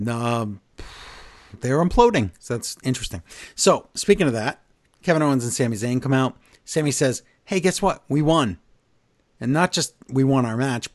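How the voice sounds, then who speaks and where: A man co-hosting a podcast, recapping events in casual chat, animated and blunt with his opinions. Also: medium pitch, dry recording, clean studio sound. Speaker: podcast co-host.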